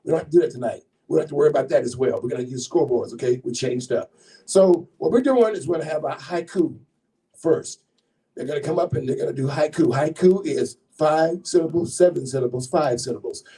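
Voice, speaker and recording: High-voiced man hyping a crowd. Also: brisk, warm tone, recorded from a distance, rough recording. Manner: hypes up the crowd, playful and chatty. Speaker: poetry slam host. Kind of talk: live event hosting. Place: bookshop event space, live audience. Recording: voice heard from off-mic.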